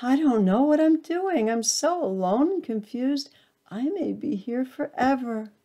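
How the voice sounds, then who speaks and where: A woman's voice: medium pitch, lively intonation, measured pace, dark tone, lo-fi sound. A woman voicing a small, frightened, lonely acorn in a storybook tale, with breathless pleading cries. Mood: desperate.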